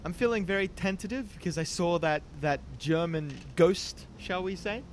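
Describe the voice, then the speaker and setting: A male player with a slightly higher voice, casually reporting his dice rolls. His humor is dry and deadpan, and there is faint hiss behind him. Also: normal speed. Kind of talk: casual tabletop play.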